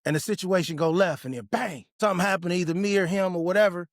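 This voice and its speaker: On his own podcast, a man with a high voice and quick pace tells a personal story, using a lot of slang and cursing in a blunt, casual style. Retelling confrontations makes him animated. The studio-quality audio has no room sound.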